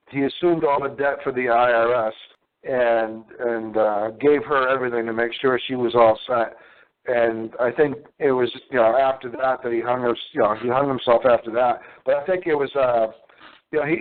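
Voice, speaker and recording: Hesitant man on a tinny phone line. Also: mid-range voice. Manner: hesitant, full of "uh" and "you know". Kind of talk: casual call-in radio chat.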